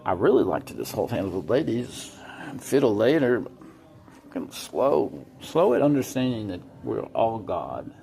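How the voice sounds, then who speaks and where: Gravelly, dark-toned man, rambling and profane vlog monologue. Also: lowish voice, sing-song, a little slow. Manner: rambling, profane, jumps between topics.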